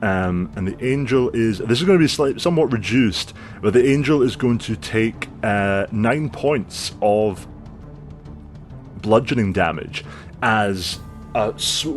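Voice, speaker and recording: A man running a tabletop game as game master, narrating the action in a vivid, relaxed way with many fillers. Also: on the low side, measured pace, faint music behind.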